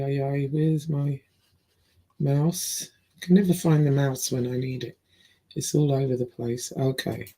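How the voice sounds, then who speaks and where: A woman hosting a reaction commentary channel, talking bluntly and rambling with fillers and restarts. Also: sits low.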